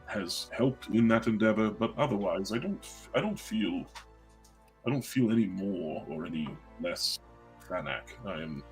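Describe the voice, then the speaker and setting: A man role-playing his character at a tabletop game, speaking in a measured, formal, dry and hesitant way. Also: fairly low pitch, expressive, faint music behind.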